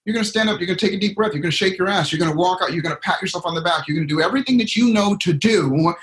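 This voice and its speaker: A man coaching a group on a call, emphatic and lively, acting out the anxious voice in people's heads. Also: sits high, rapid-fire. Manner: emphatic, acts out inner voices, spells words out. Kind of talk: motivational coaching talk. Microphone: call audio.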